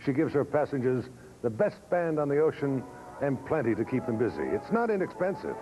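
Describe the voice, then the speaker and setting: A man hosting and narrating a documentary in a measured, dramatic, scripted delivery. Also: medium pitch, very animated, music in the background, poor audio.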